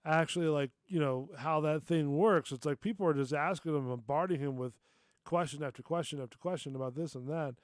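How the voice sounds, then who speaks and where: A man hosting a casual internet radio show, speaking haltingly with restarted sentences. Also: a little high, dry recording, clean studio sound. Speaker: show host.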